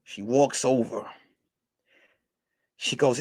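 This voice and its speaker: Husky man narrating mock detective noir. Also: medium pitch, steady tone. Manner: slow dramatic narration with crude asides. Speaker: comedian and podcast host.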